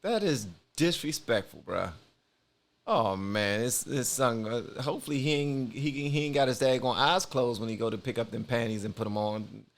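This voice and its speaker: A man's voice: mid-range voice, moderate pace. A man hosting a reaction video, chatting in a laid-back, slangy way. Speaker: reaction channel host. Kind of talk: casual reaction commentary.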